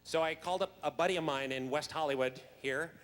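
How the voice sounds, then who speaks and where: This guest actor at a fan convention talks fast in a slightly high, somewhat bright voice. Laughing and chatty, he keeps restarting as he recounts a funny backstage story. The recording, made in a big convention hall, echoes and carries faint noise.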